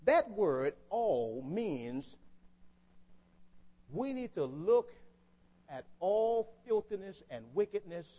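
Animated high-voiced man preaching a sermon. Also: slow, pauses often. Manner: rhetorical questions to the congregation. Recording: long hall reverb.

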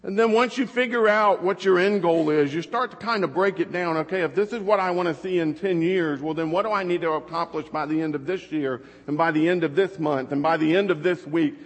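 A man's voice: fairly high pitch, brisk, few pauses. Fatherly pastor preaching in a reverberant hall. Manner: conversational storytelling with rhetorical questions. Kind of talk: sermon.

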